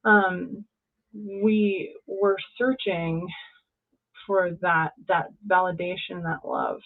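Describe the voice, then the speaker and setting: A woman's voice: fairly low pitch, sing-song, drawn-out words. Earnest woman coach on a tinny line. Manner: earnest, encouraging, speaks in short phrases. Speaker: life coach. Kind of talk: guest in an interview.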